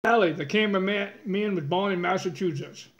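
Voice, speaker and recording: A man's voice: high-pitched, a little fast. A man from Maine co-hosting a casual live-stream chat, talking in a laid-back, understated way with brief replies. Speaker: homesteader, co-host. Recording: dull lo-fi sound.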